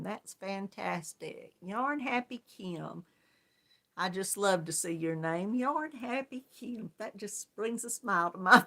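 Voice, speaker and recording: On her yarn crafts live stream, a woman chats casually with her audience, greeting people one by one. She speaks in a mid-range voice with a fairly bright tone, keeping things friendly and chatty while laughing often.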